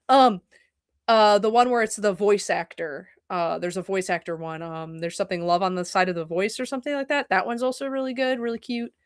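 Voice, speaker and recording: Young woman streamer, mid pitch, animated and swearing, dry close sound. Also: no echo. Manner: rambling, profane and animated. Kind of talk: casual chat. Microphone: desk mic at a computer.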